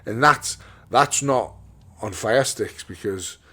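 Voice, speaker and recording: A man's voice: medium pitch, slow pace, bright, forceful tone, husky. A young man, a professional boxer, telling his story in an interview, blunt and swearing, repeating words and acting out what others said.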